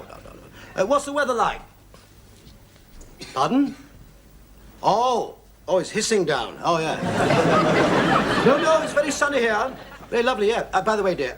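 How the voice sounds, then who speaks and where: A man's voice: fairly high pitch, heavy background noise. An actor playing a jokey, teasing English man newly arrived in Australia, in a sitcom. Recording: sitcom with loud studio audience laughter.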